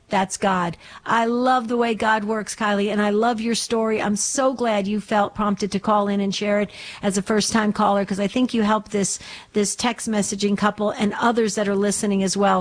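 Effusive woman radio host. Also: on the high side. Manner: effusive and affirming, many restarts. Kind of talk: live call-in radio talk.

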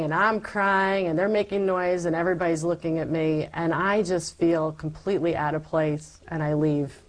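A woman's voice: on the low side, low-quality recording. A woman, an interview guest, giving a personal faith testimony and acting out her own past words as she tells it.

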